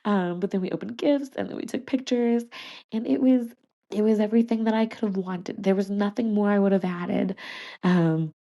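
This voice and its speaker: Chatty gravelly-voiced woman host. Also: medium pitch, normal speed, mellow, dull audio. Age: 30s. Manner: chatty and emotional, many restarts and laughs; addresses listeners as y'all and you guys. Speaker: podcast host. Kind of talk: casual personal storytelling.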